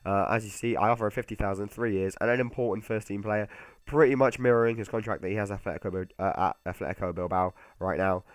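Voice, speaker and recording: A man's voice: lowish voice, fast, no room sound. A young man giving casual, rambling commentary over a football video game, with lots of fillers and restarts. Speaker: gaming YouTuber.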